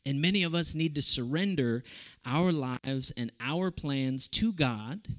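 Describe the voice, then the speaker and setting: A man from South Texas preaching to young people, animated and humorous, acting out voices in his stories. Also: mid-range voice, a little slow. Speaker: youth camp speaker. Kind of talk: youth sermon with storytelling.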